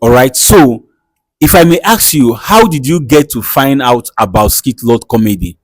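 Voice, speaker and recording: A man hosting a comedy skit in his studio, soothing his guest with repeated calming words. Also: medium pitch, moderate pace, dry recording, low-quality recording. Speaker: host.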